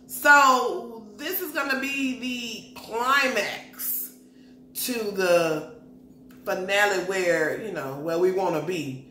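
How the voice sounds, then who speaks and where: A woman recapping a reality show in an animated, slangy, gossipy way. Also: medium pitch, slow pace, slight background noise. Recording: echoey room.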